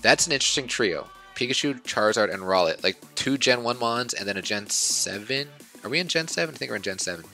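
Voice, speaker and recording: A man's voice: medium pitch, animated, quick pace, hardly any pauses, sharp tone, soft background music. A man in his twenties casually rambling through gaming news in a chatty, self-deprecating way. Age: 20s. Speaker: YouTube news host.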